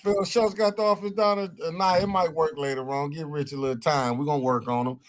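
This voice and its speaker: A man chatting casually on a live podcast, teasing in a low-key, drawn-out way. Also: fairly even intonation, a little hiss or hum.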